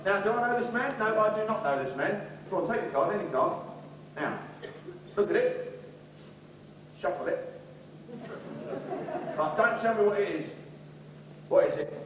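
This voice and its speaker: A man's voice: high voice, wildly swooping pitch, normal speed, pauses often. A man playing a cheeky Cockney chancer. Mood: boastful. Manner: cheeky, jokey banter. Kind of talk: live stage musical dialogue. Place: theatre stage. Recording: echoey theatre from far off, noisy.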